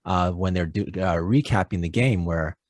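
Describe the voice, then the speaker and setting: A man co-hosting a sports podcast in casual chat, relaxed and affirming, with many "uh"s and "um"s. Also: deep voice, moderate pace, no room sound, clean studio sound. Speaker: podcast co-host.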